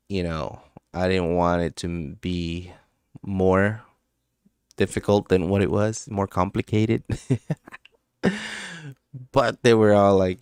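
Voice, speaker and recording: A low-pitched man with a smooth, resonant voice chats loosely on a live stream, laughing often and swearing freely. He's recorded close and dry, with no room sound. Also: no room sound. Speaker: crypto trading livestream host. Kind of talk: casual live-stream chat.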